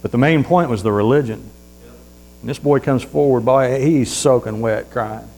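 A man preaching a sermon, telling folksy stories that swing from loud emphatic points to hushed asides. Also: medium pitch, moderate pace, poor audio. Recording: faint mains hum.

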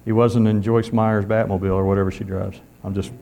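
A man's voice: on the low side, little pitch movement, brisk, vocal fry, dark tone, slight background noise. A man preaching a sermon in a folksy way, calling out amen often.

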